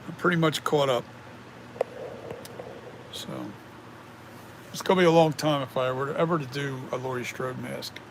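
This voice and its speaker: A man's voice: medium pitch, steady tone, normal speed, vocal fry, long pauses, background noise. A man who makes masks, chatting casually on a live stream, rambling as he reads and answers viewer comments. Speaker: mask maker streaming to viewers.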